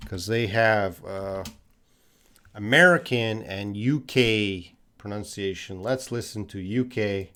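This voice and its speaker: A man from Canada, an English teacher answering viewers' questions on a live stream, explaining patiently and repeating words slowly for learners. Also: on the low side, bright, forceful tone.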